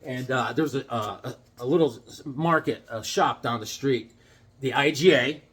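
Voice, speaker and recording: A man's voice: mid-range voice, normal speed, fairly bright tone, breathy edge. A middle-aged man in a casual vlog, telling a childhood story between comics, full of fillers and restarts. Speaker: comic book collector. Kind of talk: casual show-and-tell vlog.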